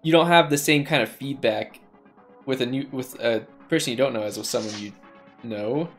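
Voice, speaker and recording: A man's voice: mid-range voice, moderate pace, faint music behind. A young man streaming, chatting casually and rambling, joking and acting out bits of dialogue. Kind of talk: casual chat.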